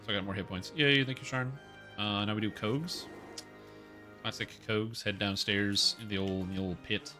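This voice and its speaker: A young man streaming a game, talking through each step in a chatty, joking way. His voice sits a little low in pitch but sounds very bright and forward. Soft music plays behind him. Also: steady tone, normal speed. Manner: chatty, jokey, explains as he plays. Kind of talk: casual gameplay commentary.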